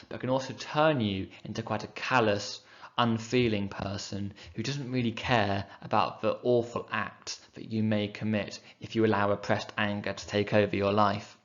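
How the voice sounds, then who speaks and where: Heard on lo-fi audio, the man's voice is fairly low in pitch with a fairly bright tone. He is an English teacher in a recorded exam revision lesson, patiently explaining poetic meter and sounding out each rhythm.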